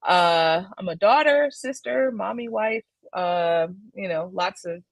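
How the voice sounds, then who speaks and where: A woman's voice: mid-range voice, slow pace, dry recording. A woman author being interviewed in a casual video chat, chatty and laughing often, talking from home. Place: home, child nearby.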